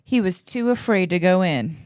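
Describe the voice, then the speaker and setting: A woman's voice: fairly low pitch, lively intonation, normal speed, darkish tone, dry recording, clean studio sound. A woman co-hosting a casual podcast, reacting with joking asides. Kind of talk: casual chat.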